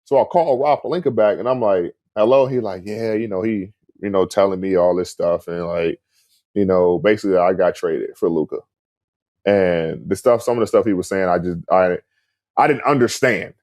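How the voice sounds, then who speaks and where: Speaking in a deep voice at a moderate pace, with no echo, a guest relates a story in a relaxed, animated way. He performs the quoted lines himself and peppers his speech with "like" and "man."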